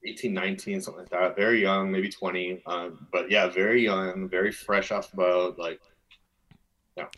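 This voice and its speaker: A man's voice: low-pitched, little pitch movement, moderate pace, fairly bright tone, rough recording. A man from Minnesota, a guest telling a long personal story in a casual interview, full of fillers and restarts. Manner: rambling, filler-heavy, earnest.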